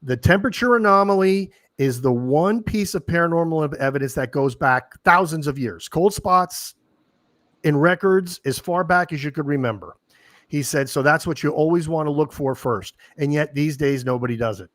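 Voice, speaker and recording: A man hosting a paranormal interview show, chatting eagerly with his guest and talking in quick bursts with restarts. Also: fairly high pitch, a bit bright, dry recording, clean studio sound. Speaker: host. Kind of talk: casual interview chat.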